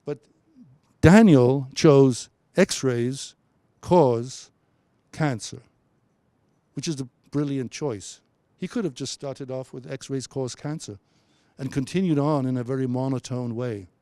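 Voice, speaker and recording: A man's voice: medium pitch, moderate pace, dark tone, no echo. A man presenting a university workshop on speaking, coaching the audience with frequent restarts and stammers. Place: lecture room at a university.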